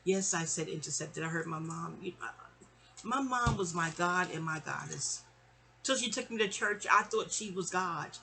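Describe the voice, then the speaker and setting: Bright-voiced, chatty middle-aged woman storyteller. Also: fairly low pitch, normal speed, gravelly, a little hiss or hum. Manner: chatty and animated, acting out quoted voices. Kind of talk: casual storytime monologue.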